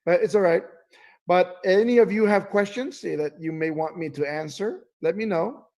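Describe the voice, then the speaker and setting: A man giving a sales training talk, telling animated stories and acting out voices. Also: high voice, normal speed. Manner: animated storytelling, acts out voices. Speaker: business trainer.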